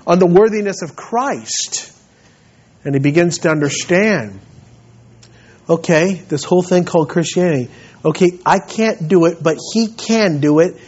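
A man preaching a sermon to his church, emphatic, rising to loud peaks and dropping to low asides. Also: lo-fi sound. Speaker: pastor.

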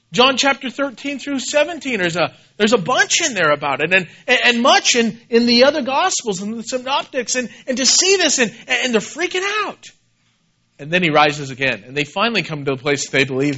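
A man preaching a sermon as pastor, animated, swinging between loud emphasis and quiet asides and repeating key words. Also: extremely high pitch, moderate pace, muffled recording.

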